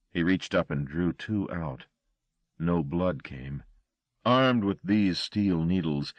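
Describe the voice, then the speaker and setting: A man narrating a horror audiobook with an expressive, dramatic reading. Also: sits low, dry recording.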